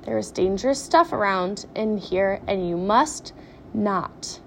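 A woman voicing an eccentric male candy-factory owner who stays calm and cheerfully reassuring in a storybook reading. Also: mid-range voice, takes it slowly, creaky, slight background noise. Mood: breezy.

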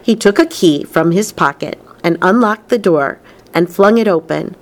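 A woman reading a children's novel aloud, unhurried and expressive. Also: on the low side. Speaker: reader.

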